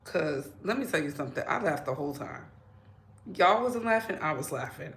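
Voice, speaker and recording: A woman with a low, gravelly, fairly bright voice speaks expressively and a bit fast while hosting a casual gossip commentary channel. She chats with her viewers and reads posts aloud, recorded in an echoey room with faint noise.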